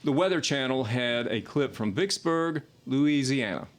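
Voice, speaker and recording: A man's voice: mid-range voice, lively intonation, measured pace. Podcast host guy from mississippi, frank and opinionated, asks straight questions. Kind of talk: casual interview talk. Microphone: podcast studio mic.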